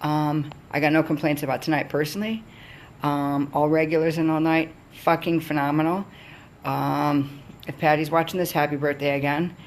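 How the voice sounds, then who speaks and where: Low-voiced woman ranting about her shift. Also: steady tone, moderate pace, a little hiss or hum. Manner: blunt, profane, exasperated. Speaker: restaurant server. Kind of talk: profane storytelling rant.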